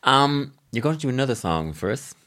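A woman's voice: a bass voice, very animated, a little fast, fairly bright tone. A woman hosting a casual interview, listening closely and giving short replies. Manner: attentive, lots of short backchannel replies. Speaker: host.

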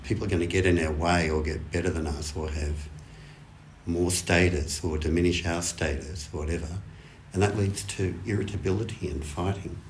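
A man with a deep, low voice gives a Zen dharma talk to a group. He speaks in an easy, unhurried way, building loose lists of qualities and often checking in with his listeners. A faint hiss sits under the recording. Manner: relaxed, thinking aloud in lists, often checking in with "right?". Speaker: Zen teacher.

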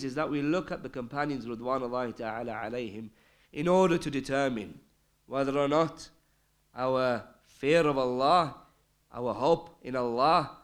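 A man giving a religious lecture with an emphatic, rising and falling delivery, quoting Arabic texts. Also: medium pitch. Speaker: Islamic lecturer.

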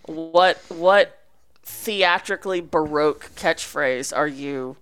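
A woman's voice: sits low, slow, a bit bright, clear, resonant tone. A woman co-hosting a podcast in casual chat, reading listener questions with rambling enthusiasm. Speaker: podcast co-host.

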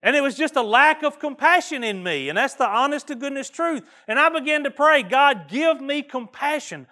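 High-voiced pastor preaching earnestly. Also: male voice, animated, a little fast, pushed and bright. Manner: folksy and earnest, with repeated restarts. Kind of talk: sermon.

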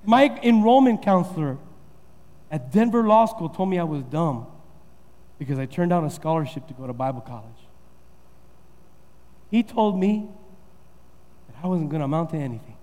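A man's voice: fairly high pitch, expressive, moderate pace, long pauses, a little mellow, in a large hall. A man preaching a sermon as pastor, repeating and building his points with rising emphasis.

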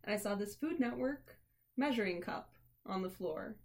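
A woman's voice: medium pitch, animated, moderate pace, creaky, darkish tone. A young woman chatting casually as a podcast co-host, telling stories with dry, teasing humor. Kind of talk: casual chat.

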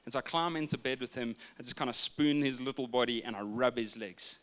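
A man, preaching a sermon with humorous stories and hushed retellings. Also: mid-range voice, fairly even intonation, brisk. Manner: humorous storytelling, shifting from loud asides to hushed retelling. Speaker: pastor.

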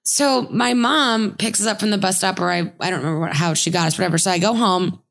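A woman in the middle of a relaxed chat, telling a story from her childhood. Her voice carries a gravelly, vocal-fry edge. She tells it with drama and acts out the people she quotes. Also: mid-range voice, fast talker.

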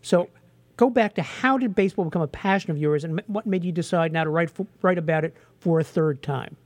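A man hosting an interview, friendly and quick to laugh along as he asks the author questions. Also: a little high, no echo. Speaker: interview host. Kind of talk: casual interview.

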